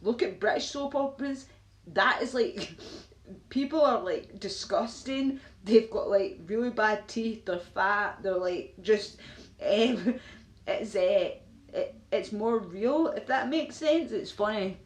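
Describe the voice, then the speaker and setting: This woman, from Scotland with a Glaswegian accent, takes her time as she talks to live-stream viewers, rambling through their questions with plenty of fillers and frequent laughter. Her voice is mid-range and slow-paced. The sound is roomy with echo and a bit of faint noise.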